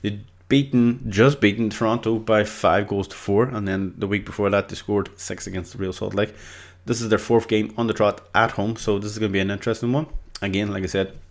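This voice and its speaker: Irish guy rambling thru footy picks, lots of ums, voice on the low side. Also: fairly even intonation, a little fast. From Ireland. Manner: rambling and hesitant, with many fillers and restarts. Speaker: football predictions host. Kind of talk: casual solo commentary.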